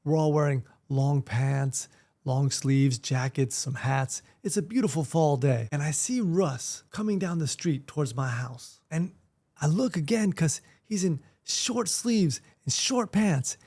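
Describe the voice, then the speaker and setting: Florida-raised man, fifties, animated joking vlog storyteller, slightly higher voice. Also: a little slow. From Miami, Florida, USA. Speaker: martial arts teacher and vlogger. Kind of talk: casual storytelling to camera.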